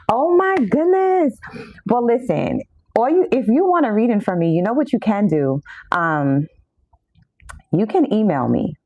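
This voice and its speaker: A woman's voice: fairly low pitch, vocal fry, warm tone, no echo, highs cut off. Chatty New woman on a livestream. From New York. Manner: chatty, greets viewers constantly, says y'all a lot. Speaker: tarot reader hosting a livestream. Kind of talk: casual livestream chat.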